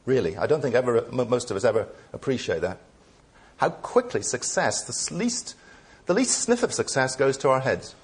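A man's voice: mid-range voice, very animated, moderate pace. A man preaching a sermon in an earnest way, asking the listeners many rhetorical questions.

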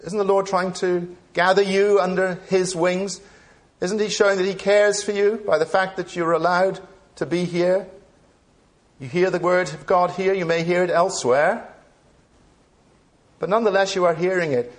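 A man's voice: high-pitched, steady tone, moderate pace. A man preaching a sermon in an earnest way, asking the listeners many rhetorical questions.

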